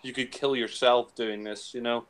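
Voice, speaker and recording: A man's voice: mid-range voice, little pitch movement, moderate pace, clean tone, low-quality recording. A crude, blunt man commentating casually. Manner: blunt and crude, with lots of fillers. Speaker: film commentator.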